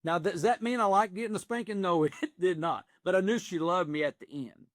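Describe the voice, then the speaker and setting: Earnest man in his sixties, higher voice. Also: brisk, no echo, clean studio sound. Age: 60s. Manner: earnest storytelling with folksy phrasing. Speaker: executive coach. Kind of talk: podcast interview.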